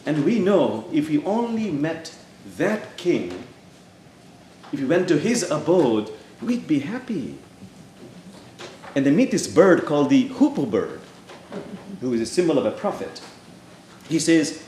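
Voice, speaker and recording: A man giving a sermon in a church, telling a story gently and playfully, with pauses. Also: on the high side, very animated, a little hiss or hum. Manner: gentle, unhurried, playful storytelling with acted bird voices. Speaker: Sufi teacher and speaker. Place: large church hall. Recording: echoey church hall.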